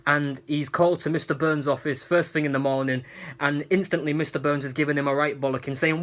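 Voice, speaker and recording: A man's voice: fairly high pitch, steady tone, brisk, fairly bright tone. A man giving a casual, rambling episode recap with many restarts. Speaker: episode reviewer.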